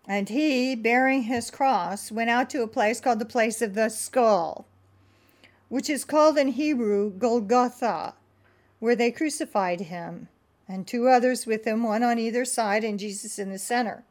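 A woman preaching in a fairly high voice that stays earnest and prayerful. She leans into fervent repetition as she prays. When she reads scripture aloud, she gives it dramatic emphasis. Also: unhurried. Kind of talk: prayerful sermon and scripture reading.

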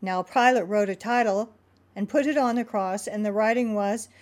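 At a moderate pace, a mid-range female preacher delivers a prayerful sermon with scripture reading. Her prayer is fervent and earnestly repetitive, and the passage she reads aloud is given dramatic emphasis.

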